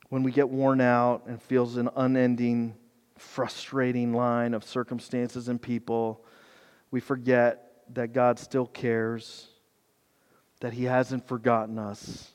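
A man preaching a sermon as pastor, impassioned, swinging from loud pleading down to hushed, almost whispered lines. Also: mid-range voice, flat delivery, slow pace, clear, resonant tone, in a large hall. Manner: impassioned, builds to loud pleading then drops to near-whisper.

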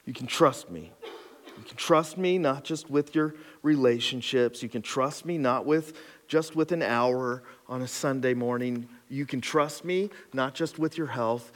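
A man preaching a sermon as pastor, animated, building to near shouts on key points. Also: on the high side, measured pace, long reverb tail.

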